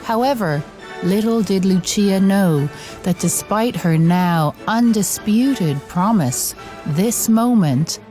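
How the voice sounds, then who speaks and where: A woman reading a scripted documentary narration in a measured, deliberate way, with soft music underneath. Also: medium pitch, animated.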